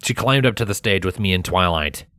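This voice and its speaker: A man's voice: sits low, expressive, brisk, bright, forceful tone, no echo. A man steadily narrating a first-person fan story as the reader. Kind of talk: audiobook fanfiction reading.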